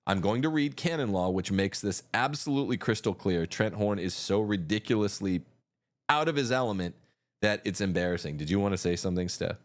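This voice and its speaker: A man's voice: lowish voice, lively intonation, a little fast. Combative male livestream host. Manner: combative, mocking. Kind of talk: livestream commentary.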